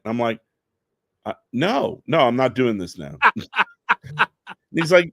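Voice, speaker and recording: A middle-aged man chatting excitedly in an interview, telling stories fast with stammered restarts. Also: medium pitch, no room sound, studio quality. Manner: enthusiastic, rapid storytelling with stammered restarts. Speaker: comic book writer guest. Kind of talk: excited podcast interview chat.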